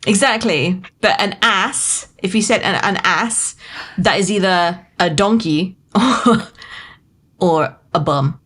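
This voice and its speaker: A woman's voice: medium pitch, takes it slowly. A British woman co-hosting a podcast in casual chat, giggly and playing with how words sound. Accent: British English. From Britain. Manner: giggly, animated, plays with word sounds. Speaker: podcast co-host.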